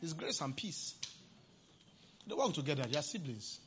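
A male pastor preaching a sermon, playful, often laughing and breaking into shouts. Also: on the high side, sing-song, normal speed, background noise.

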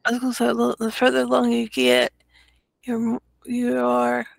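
Hesitant woman with a gravelly voice. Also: fairly high pitch, monotone, moderate pace, no echo. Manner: struggles to get words out, hesitant. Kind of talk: casual chat.

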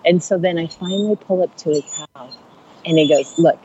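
Woman comedian, low voice, chatty storyteller acting out quotes, slightly muffled recording with faint hiss. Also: moderate pace, dark tone. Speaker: stand-up comedian and rideshare driver. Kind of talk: casual storytelling on a podcast.

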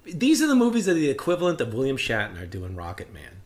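A man co-hosting a casual chat, an animated storyteller who acts out quotes and laughs often. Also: medium pitch, quick pace. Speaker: podcast co-host.

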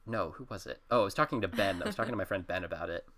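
Rambling low-voiced young man. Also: very fast, fairly bright tone. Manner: rambling storyteller, many fillers and restarts, laughs often. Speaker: podcast co-host. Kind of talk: casual chat.

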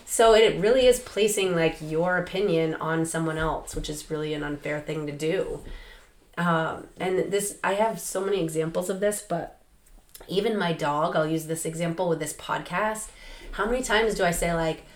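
A woman with a hoarse, raspy voice from losing it, hosting a podcast in a chatty way with frequent laughs and fillers. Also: fairly low pitch, moderate pace. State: hoarse, lost voice. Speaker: podcast host and coach. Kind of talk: casual podcast monologue. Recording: roomy echo.

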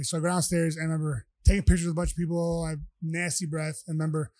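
A man's voice: on the high side, little pitch movement, rapid-fire, a little mellow, no room sound. A man, a podcast guest telling rambling stories with many restarts. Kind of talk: casual storytelling.

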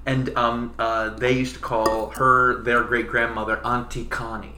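A woman chatting casually on a podcast about how words are pronounced, playful and quick to laugh, often restarting her sentences. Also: rumbling low, little pitch movement. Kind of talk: casual chat. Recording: echoey room with noticeable noise.

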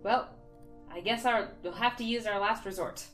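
A woman's voice: mid-range voice, moderate pace, fairly bright tone, soft background music. A woman playing a tabletop game, voicing her bard character with a playful, mock-regal manner. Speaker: player. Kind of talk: tabletop role-play, in character as a bard queen.

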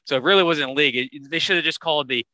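A man hosting a casual sports podcast, talking in an animated way that gets higher when he drives a point home. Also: rapid-fire, no echo, rough recording. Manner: animated, rising pitch when making a point. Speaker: podcast host.

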